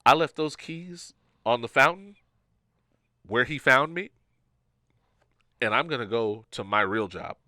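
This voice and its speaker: A man co-hosting a podcast, telling a story in a casual, animated way and acting out the people he quotes. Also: medium pitch, unhurried, long pauses, no room sound, studio quality. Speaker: podcast co-host.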